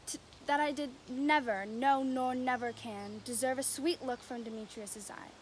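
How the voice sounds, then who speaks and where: A hurt, rejected young woman, played by a young actress in an outdoor youth production. Her voice sits high, and the verse comes out earnest and breathless. Faint outdoor noise lies behind her. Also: steady tone, moderate pace, natural voice. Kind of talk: outdoor youth stage acting.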